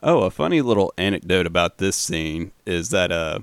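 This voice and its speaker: A man giving a casual, relaxed film commentary, swearing now and then. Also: deep voice, moderate pace, clean tone, dry recording. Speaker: film recap host.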